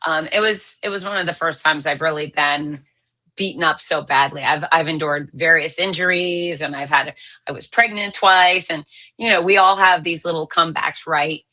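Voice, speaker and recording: A woman guest in an interview who speaks in a pointed, forceful way and hammers her points home. Her voice sits a little low yet sounds bright and forceful. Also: steady tone, moderate pace. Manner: pointed, aggressive, emphatic. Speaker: fitness author and guest. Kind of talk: interview conversation.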